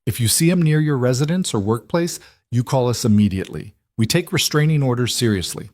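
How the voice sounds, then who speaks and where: A man voicing a calm, careful young police officer in a narrated story, speaking in a measured, official way. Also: mid-range voice, no room sound, studio quality, voice pushed up, lightly acted.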